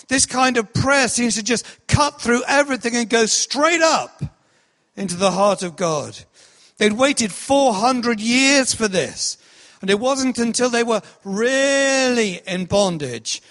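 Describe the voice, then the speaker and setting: A man preaching a sermon with a slow, emphatic delivery, sometimes calling out to act out cries. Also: sits high, fairly bright tone. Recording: long hall reverb.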